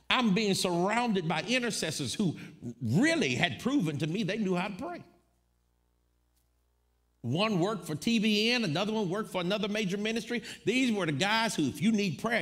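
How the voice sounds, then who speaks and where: A man preaching a storytelling sermon, acting out the people in his story as he goes. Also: sits high. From United States. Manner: animated, acts out quoted voices.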